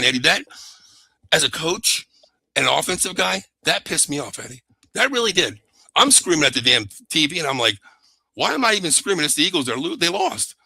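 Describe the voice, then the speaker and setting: A man co-hosting a football talk show, breaking down plays with heated energy. His voice is sharp and bright and swings from low to high as he gets worked up. The sound is dry and close to the mic. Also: creaky, dry recording, rough recording. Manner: fired-up, keeps repeating the co-host's name; rants and shouts in frustration. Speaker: sports podcast co-host.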